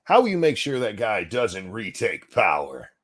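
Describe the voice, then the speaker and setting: A sarcastic man hosts a live political commentary stream, riffing on clips and reading out donations. His voice is on the low side but leaps around with lively, animated pitch. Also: moderate pace. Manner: sarcastic, animated, thanks donors.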